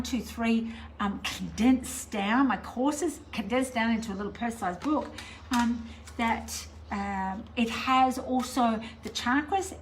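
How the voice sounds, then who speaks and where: A woman's voice: fairly high pitch, slight background noise, rough recording. Chatty Australian woman teaching to camera. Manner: chatty, meandering, warm and encouraging with many fillers. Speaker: spiritual teacher.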